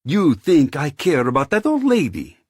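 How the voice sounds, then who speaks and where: A man's voice: deep voice, big pitch swings, normal speed, creaky, breathy edge, dry recording, studio quality, voice pushed up, exaggerated voice. A man voicing a hotheaded young mafia heir who snarls and curses in Italian, in an audiobook. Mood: snarling.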